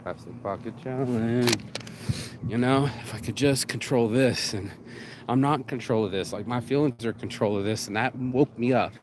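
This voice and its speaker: A man's voice: mid-range voice, moderate pace. Raw-voiced man venting outdoors in traffic. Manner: raw, profane, rambling and confessional. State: shaken from crying. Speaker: vlog host. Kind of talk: emotional walking monologue. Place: outdoors on a street in the rain.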